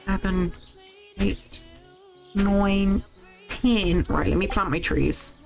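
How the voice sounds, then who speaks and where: A woman's voice: medium pitch, extremely slow, creaky, soft background music. A young woman streaming a farming game, chatting casually with her viewers and swearing freely as she plays.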